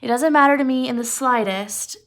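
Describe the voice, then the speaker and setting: A woman voicing a calm, gentle young husband who speaks slowly and reassuringly. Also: sits high.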